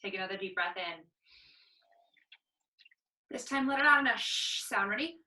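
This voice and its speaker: A woman teaching artist guiding a group movement warm-up with upbeat, encouraging instructions. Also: mid-range voice, lively intonation, normal speed, echoey room, recorded from a distance, low-quality recording.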